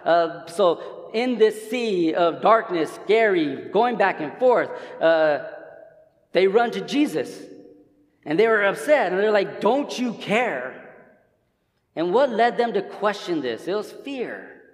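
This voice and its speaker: A man's voice: sits high, animated, unhurried, big-room sound. A man preaching a sermon in a church, casual and conversational, often restarting his sentences. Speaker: pastor. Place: church sanctuary.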